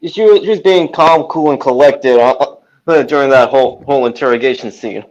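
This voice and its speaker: A man co-hosting a casual anime chat, making slow, measured comments. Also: mid-range voice, a little mellow, highs cut off.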